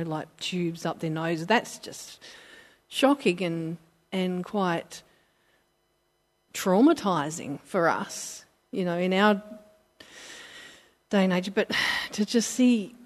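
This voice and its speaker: A woman giving an informal, heartfelt sermon from Britain or Australia, often restarting her sentences and voicing the people she quotes. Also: fairly low pitch. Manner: emotional, earnest, acts out quoted voices, rambling restarts. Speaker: preacher.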